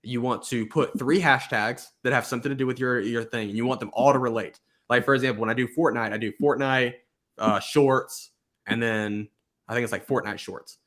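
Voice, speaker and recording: A man talking through tips in a loose, rambling way, with lots of "like" and restarts. His voice sits at an ordinary middle pitch. It sounds like an unscripted chat between friends. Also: normal speed. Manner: rambling, filler-heavy, animated. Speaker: YouTube host giving channel advice. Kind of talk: casual chat.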